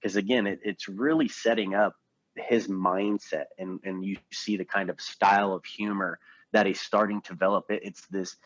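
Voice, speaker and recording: A man co-hosting a podcast, talking earnestly about a film in a casual, halting way. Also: low voice, steady tone, no echo, lo-fi sound. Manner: earnest, many restarts. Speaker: podcast co-host.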